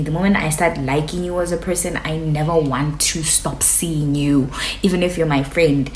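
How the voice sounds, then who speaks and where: A young woman telling a story to camera in a casual, animated way, cursing freely. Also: deep voice, slight background noise. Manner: animated, chatty, swears freely, acts out quotes. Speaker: vlogger. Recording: echoey room.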